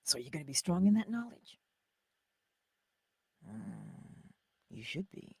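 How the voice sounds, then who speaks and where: A woman hosting a morning inspiration livestream, teaching viewers in an animated way, often dropping into whispered asides and talking straight to her audience. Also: low-pitched, slow pace, vocal fry, pauses often, husky, no echo. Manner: speaks straight to the viewers, answers chat comments. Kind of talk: live-streamed inspirational teaching.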